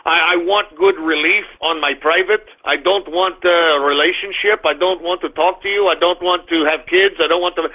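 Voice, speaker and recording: A man voicing a blunt, wealthy male client in a mock Russian accent, flat and stammering. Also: a little high, moderate pace, few pauses, pitched below the performer's own voice, close to an everyday voice. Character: blunt rich male client ordering sex. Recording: tinny phone-like sound.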